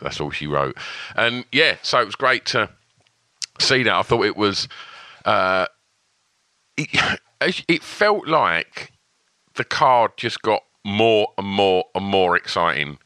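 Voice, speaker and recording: A man's voice: on the low side, big pitch swings, slow, long pauses, bright, forceful tone, smooth, dry recording. A man co-hosting a podcast, chatting casually, laughing often and restarting his sentences. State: sore throat. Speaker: podcast co-host. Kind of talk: casual chat.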